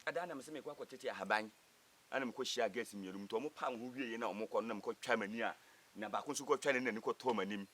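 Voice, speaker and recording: A Ghanaian man acting in a comedy film, talking quickly and mixing Twi with English. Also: mid-range voice, lightly acted. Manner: fast, animated Twi-English code-mixing.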